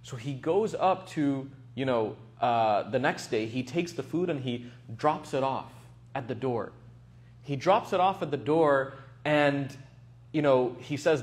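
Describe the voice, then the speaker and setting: A young man and religious teacher giving a casual storytelling talk in a lively, animated way. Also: mid-range voice, a little slow.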